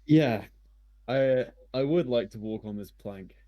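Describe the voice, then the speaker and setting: A man's voice: mid-range voice, unhurried, muffled recording. A man playing a character in a tabletop game, speaking politely and hesitantly with dry understatement. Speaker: player. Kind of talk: in-character role-play.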